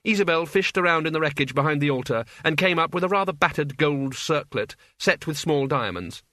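A male audiobook narrator with a wry, deadpan delivery. His voice is bright and slightly high, recorded very dry and close. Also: fairly quick, dry recording. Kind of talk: scripted narration.

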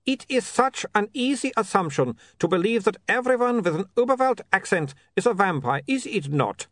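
A man's voice: sits high, lively intonation, moderate pace, fairly bright tone, no room sound, pitched above the performer's own voice. A man reading an audiobook voices a formal, eager male vampire photographer with stiff, foreign-sounding phrasing. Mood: indignant.

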